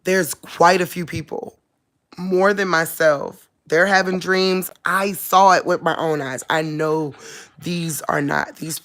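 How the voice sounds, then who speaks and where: Slow-talking laid-back woman vlogger. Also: low-pitched. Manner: laid-back, chuckling, loose everyday speech. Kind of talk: casual talk to camera. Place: at home.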